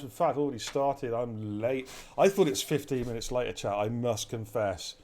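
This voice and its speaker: A man's voice: mid-range voice, normal speed, darkish tone, a little hiss or hum. A man hosting live sim racing commentary, chatty and upbeat, talking straight to his chat. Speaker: race commentator and stream host.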